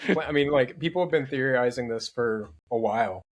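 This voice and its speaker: A man's voice: mid-range voice, a little fast. Young man rambling in casual chat. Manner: joking, rambling, self-interrupting. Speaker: podcast guest.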